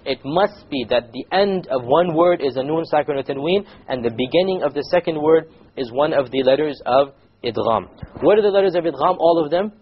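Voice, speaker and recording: A man teaching a recitation class, patiently repeating points, quizzing the students and slowly demonstrating words. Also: fairly high pitch, expressive, dull audio.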